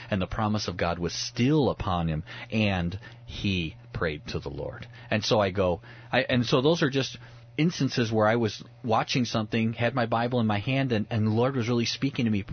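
An earnest man with a lowish, slightly husky voice walks through a Bible passage in conversational teaching. He talks reflectively and often restarts his sentences. The sound is muffled and lo-fi. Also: normal speed. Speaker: pastor, radio guest.

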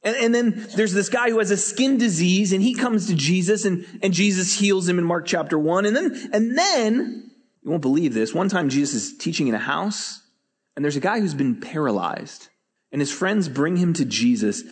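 A man preaching a sermon as pastor, telling stories with lively energy and often repeating words as he starts a phrase. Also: high voice, normal speed, slightly rough, long reverb tail.

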